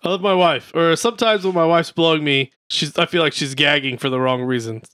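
A man co-hosting a casual comedy podcast, reading comedians' jokes aloud in a deadpan way between crude banter. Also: fairly high pitch, brisk, clean tone, no echo, studio quality. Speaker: podcast co-host.

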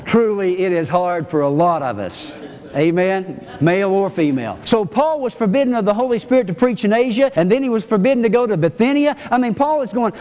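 Man, pastor, sermon, very high voice, emphatic repetition, reverberant church hall. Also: lively intonation, brisk, highs cut off. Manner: emphatic, repetitive preaching to a congregation.

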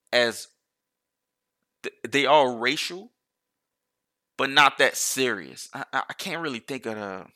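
Bright-voiced profane man rambling. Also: medium pitch. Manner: rambling, profane, restarts often. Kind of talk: casual monologue.

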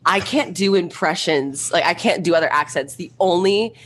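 A woman's voice: on the low side, moderate pace, a bit bright, a little hiss or hum. A woman co-hosting a podcast in casual chat, upbeat and gushing. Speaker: podcast co-host.

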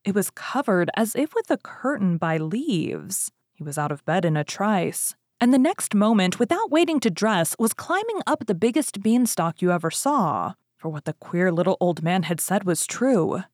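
Expressive woman reading a fairy tale. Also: medium pitch, moderate pace, hardly any pauses, dry recording, clean studio sound. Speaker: storyteller. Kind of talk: storybook reading.

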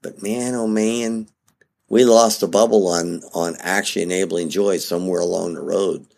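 A man's voice: sits low, normal speed, vocal fry. A man giving a casual spoken lesson on project leadership, talking in a conversational way and checking in with his listeners. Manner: animated and conversational, often checking in with "okay?".

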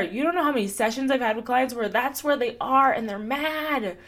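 A young woman hosts her own motivational podcast alone. She talks in an earnest, encouraging way and keeps asking her listener gentle, repeated questions. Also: on the high side, moderate pace, hardly any pauses. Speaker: podcast host and coach. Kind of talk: solo motivational podcast talk.

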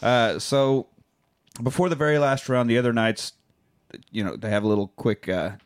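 A man's voice: medium pitch, moderate pace, clean tone. A man co-hosting a podcast, casually recapping a film and acting out the characters' lines. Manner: animated storyteller, acting out characters' lines with laughter. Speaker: podcast co-host.

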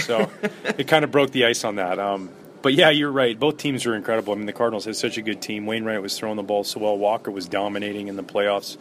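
A middle-aged man, a former ballplayer, telling stories in a relaxed interview with lots of fillers and restarts. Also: fairly low pitch, brisk, a little hiss or hum. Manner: animated anecdotes with many fillers and restarts. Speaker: former baseball player, guest.

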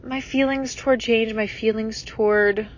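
A woman's voice: fairly high pitch, fairly even intonation, normal speed, muffled recording. Rambling reflective woman podcaster. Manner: rambling, reflective, lots of fillers and restarts. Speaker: podcast host. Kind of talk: solo podcast monologue.

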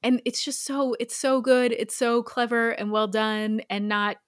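A young woman co-hosting a casual podcast, warm and quick to laugh. Her voice sits a little high, and the recording is dry and close with no room sound. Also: steady tone, clear, resonant tone, dry recording. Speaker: podcast co-host.

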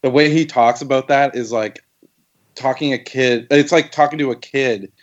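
A man talking as a podcast guest in a relaxed way, with lots of "like" and "you know.". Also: medium pitch, normal speed, muffled recording. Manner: relaxed, filler-heavy with lots of "like". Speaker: guest, docuseries co-creator. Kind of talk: casual podcast conversation.

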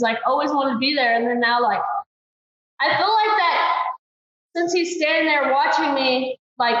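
A woman's voice: high-pitched, fairly bright tone. A young adult woman racer answering interview questions in a chatty way, full of "like" fillers. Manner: chatty, filler-heavy with constant "like". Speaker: ATV racer. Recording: very echoey, dull lo-fi sound.

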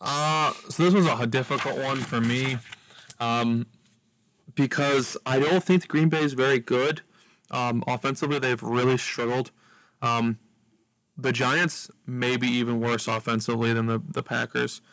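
Gravelly flat-voiced dude on a sports podcast, lots of ums, dry sound. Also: male voice, medium pitch, no echo, rough recording. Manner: hesitant, lots of ums, measured analysis. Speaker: podcast co-host. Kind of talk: casual sports talk.

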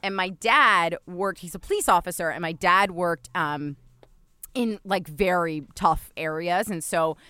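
A woman in her thirties co-hosting a podcast in casual chat, animated and laughing often as she tells stories. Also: fairly low pitch, measured pace, clear, resonant tone, no echo. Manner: animated, laughs often, mimics voices in quotes. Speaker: podcast co-host.

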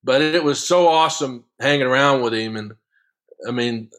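Man, interview guest, long drive golfer, casual storytelling, chuckles often, mid-pitched voice. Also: moderate pace. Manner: lively, chuckling raconteur.

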